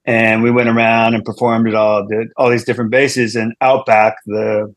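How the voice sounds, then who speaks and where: A man's voice: mid-range voice, level tone, normal speed, no echo. A man, a comedian guest, telling a long story in casual chat, rambling with restarts and asides.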